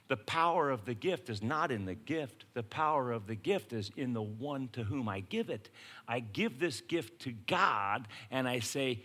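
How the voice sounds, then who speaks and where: A man preaching a sermon in a casual, conversational way, swinging from hushed lines to shouted ones. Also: mid-range voice, expressive, unhurried, breathy edge. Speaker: pastor.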